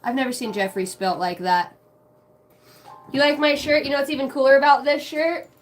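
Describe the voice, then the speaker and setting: A brash woman talking casually to her stream, swearing freely and laughing between stories. Her voice sits on the high side. Faint music plays behind her. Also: normal speed. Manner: brash and profane, laughing often. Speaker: live streamer and contractor. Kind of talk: casual live-stream chat.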